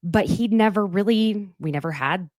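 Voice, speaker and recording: A woman's voice: mid-range voice, normal speed, no echo, studio quality. A woman, hosting a casual podcast recap with lots of laughter and asides to listeners. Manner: animated, gossipy, laughs often, talks to listeners directly. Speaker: podcast host recapping a reality show.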